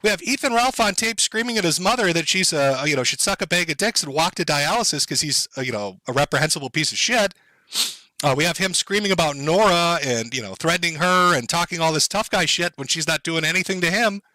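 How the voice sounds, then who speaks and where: A man's voice: fairly high pitch, lively intonation, a little fast, bright, forceful tone, no echo, poor audio. A man live-streaming sarcastic, profane commentary, mocking and sardonic as he reacts to clips.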